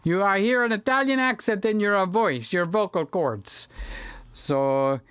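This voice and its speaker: A middle-aged livestream host reads comments from viewers and jokes through a casual, meandering chat on a studio microphone. His high voice is clear, resonant and a touch bright, moving a little slowly, and the recording is dry.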